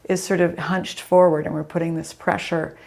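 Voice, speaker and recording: A middle-aged woman leads a chair yoga class over a video call, cueing breath and movement in a calm, steady way. Her voice sits low and has a gravelly, slightly scratchy edge. She calls out students by name as she guides them. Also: normal speed. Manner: calm guiding cues, names students as she goes. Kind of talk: live online yoga class instruction.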